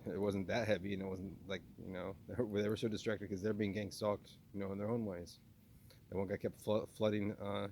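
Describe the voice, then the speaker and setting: A man with a faint Southern, Texan twang speaks in a fairly low voice, rambling through a spoken video journal. He refers to himself in the third person and keeps restarting and stumbling over his words. A faint ambient hum sits underneath. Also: gravelly, a little mellow. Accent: slight Southern US (Texan). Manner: talks about himself in third person, many restarts and stammers.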